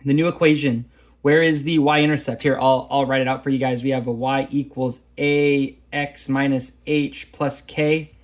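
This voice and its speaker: A man's voice: medium pitch, flat delivery, moderate pace. A man teaching a math lesson, walking through graphing problems in a chatty, self-deprecating way. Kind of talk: casual lesson walkthrough.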